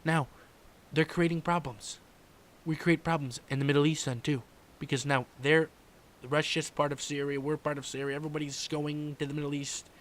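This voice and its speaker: A man doing a comedic impression of a brash older male politician who rambles in circles and lets "folks" and "okay" trail off quietly. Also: a little high, little pitch movement, normal speed, natural voice. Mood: rambling. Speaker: podcast host doing an impression.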